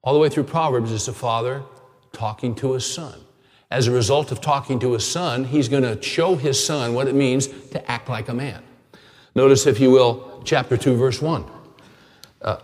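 A middle-aged man preaching a sermon as a pastor, telling stories earnestly and dropping to a hushed tone at times. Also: mid-range voice, moderate pace, big-room sound. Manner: earnest storytelling, drops to a hushed tone.

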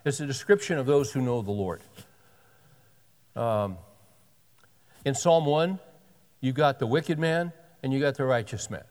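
Reading scripture with rising emphasis, a sixty-something pastor preaches in a relaxed, folksy way, slipping in wry jokes. His medium-pitched voice is measured, with long pauses, and a long reverb makes it sound like it fills a large hall.

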